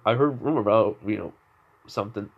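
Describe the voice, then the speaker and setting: A man's voice: lowish voice, brisk, gravelly, dull audio. A man voicing a curious male inventor in an improvised fan story, asking questions with hesitant restarts.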